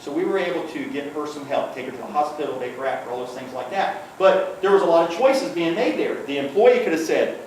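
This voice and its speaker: A man's voice: on the high side, lively intonation, fast talker, few pauses, a little mellow. Man lecturing from far off in an echoey room. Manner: checks in with the audience with frequent "okay?"; storytelling with acted quotes. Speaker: workplace safety trainer, former police liaison officer. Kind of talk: conversational training lecture. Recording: echoey room, far from the mic, faint noise.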